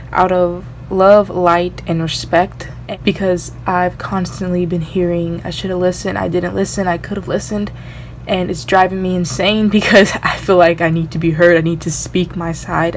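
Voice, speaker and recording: A woman's voice: fairly low pitch, slight background noise. Earnest rambling young woman tarot vlogger. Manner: earnest, rambling with many "you know" fillers. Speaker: tarot reader. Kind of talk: spiritual medium reading vlog.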